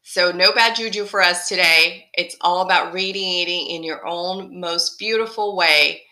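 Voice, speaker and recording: A woman hosting her own motivational podcast, speaking in a somewhat low but bright, forceful voice. She is upbeat and encouraging, and she circles back to repeat her main points. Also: unhurried. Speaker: podcast host.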